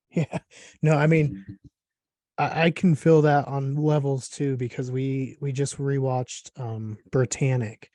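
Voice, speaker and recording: A man hosting a casual interview, talking in a relaxed, rambling way with lots of fillers. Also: medium pitch, takes it slowly, dry recording. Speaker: podcast host.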